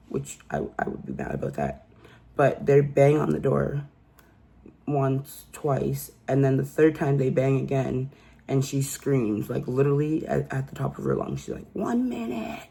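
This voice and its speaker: Gravelly, husky woman retelling a true crime story. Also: very deep voice, dark tone. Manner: chatty, incredulous, filler-heavy storytelling. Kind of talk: casual true crime recap.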